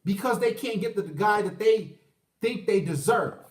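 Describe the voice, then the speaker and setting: A man in his thirties hosting a livestream, ranting with profanity, rambling and mocking voices, giving shout-outs to viewers. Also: high voice, animated, moderate pace, distant mic. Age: 30s. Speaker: livestream host. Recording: roomy echo, away from the mic.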